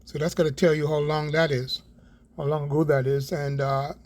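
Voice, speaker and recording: A man's voice: fairly high pitch, little pitch movement, moderate pace, darkish tone. A middle-aged Canadian man giving an online Bible prophecy talk, rambling, repeating words for emphasis and often asking "right?".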